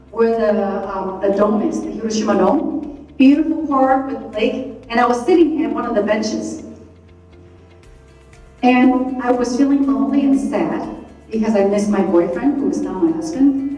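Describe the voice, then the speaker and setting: A high-voiced woman giving a motivational talk to a live audience. She is animated and acts out the scolding voice in her head. The sound is heavily echoey, picked up from a distance in the hall, with faint music behind. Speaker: speaker.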